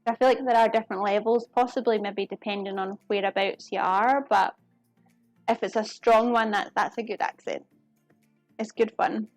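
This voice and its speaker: With a mid-range voice and fairly even intonation at normal speed, this UK woman cooks live in her home kitchen. Faint music plays behind a close, dry, echo-free sound as she chats, giggles and talks to viewers while she works.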